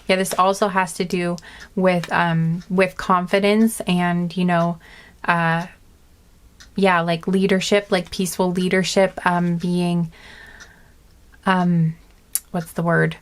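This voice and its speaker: A woman's voice: fairly low pitch, little pitch movement, takes it slowly, pauses often. A woman giving a casual tarot reading to her viewers, rambling and heartfelt with many fillers. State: tearful, emotional. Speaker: tarot reader.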